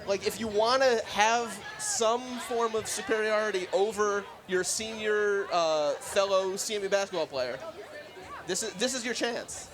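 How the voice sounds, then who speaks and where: A man giving live race commentary outdoors, excited and rambling through hot takes. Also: high-pitched, unhurried. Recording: outdoor crowd noise.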